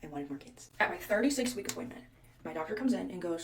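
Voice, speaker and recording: A woman's voice: lowish voice, lively intonation, fast talker, background noise. Young woman in her 20s telling her story all fired up, a bit far from the mic. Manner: indignant, acts out the other people in the story. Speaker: storyteller sharing a personal story. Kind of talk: animated personal storytelling.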